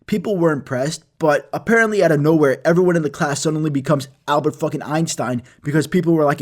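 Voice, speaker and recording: Brief: excitable young male storyteller, profane and self-mocking, voice sitting a bit high. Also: fast talker, hardly any pauses. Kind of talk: animated comedic storytime.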